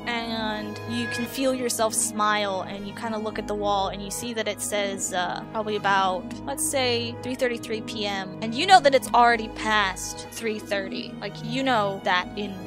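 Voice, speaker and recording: A woman narrating a tabletop horror game as game master, casual and halting, with many fillers. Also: mid-range voice, fairly even intonation, over music.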